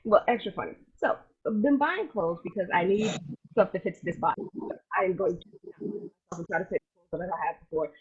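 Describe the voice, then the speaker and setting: A woman co-hosting a podcast, telling lively casual stories in slangy speech with a husky voice over a video call. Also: on the low side, moderate pace, long pauses, muffled recording. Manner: animated storyteller, colloquial, laughs easily. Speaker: podcast co-host. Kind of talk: casual chat.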